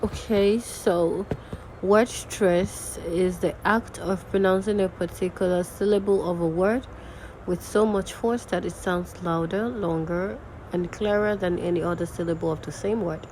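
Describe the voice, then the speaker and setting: A woman's voice: on the low side, fairly even intonation, unhurried, darkish tone, a little hiss or hum, low-quality recording. A young woman teaching a recorded diction lesson, patiently repeating example words aloud. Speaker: diction and grammar tutor.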